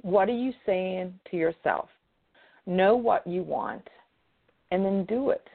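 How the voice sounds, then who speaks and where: A woman's voice: medium pitch, expressive, takes it slowly, gravelly. A woman giving earnest advice in casual conversation, often restarting her sentences. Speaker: guest. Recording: tinny phone-like line.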